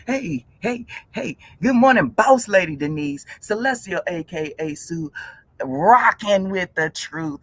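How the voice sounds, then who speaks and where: A woman's voice: medium pitch, very animated, unhurried. A woman in her forties hosting a casual fitness live stream, chatty and greeting her viewers by name with frequent laughs. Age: 40s.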